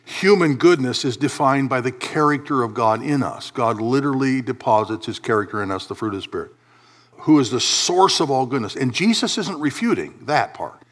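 A man preaching a sermon in a church, swinging between low, quiet asides and loud, emphatic high peaks. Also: lively intonation, fairly quick. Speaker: pastor.

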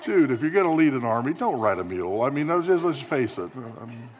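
A man's voice: medium pitch, sing-song, brisk, slight background noise. A man preaching a sermon, telling a story with wry asides and acting out the lines of the figures in it. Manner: storytelling preacher, acts out quotes, wry humor. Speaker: pastor.

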